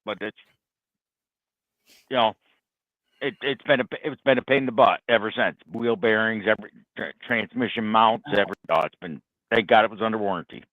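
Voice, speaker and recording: A man's voice: lowish voice, a little fast, dry recording. A man in a casual call-in chat about cars, plainspoken and wry in a matter-of-fact way. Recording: tinny phone line.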